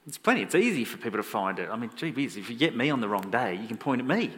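A man preaching in a conversational, self-deprecating way, telling stories and getting animated when he quotes people. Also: mid-range voice, fast talker. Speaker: pastor. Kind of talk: sermon storytelling. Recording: long hall reverb.

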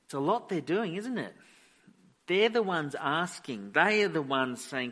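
A man's voice: on the high side, expressive, measured pace, fairly bright tone. A man preaching a sermon as pastor, emphatic and repeating phrases for weight.

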